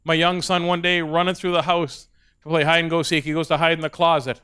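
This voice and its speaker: A middle-aged man doing stand-up, telling animated stories about his kids and slipping into soft, earnest asides. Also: a little high, a little fast, clear, resonant tone. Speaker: stand-up comedian. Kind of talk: stand-up comedy storytelling.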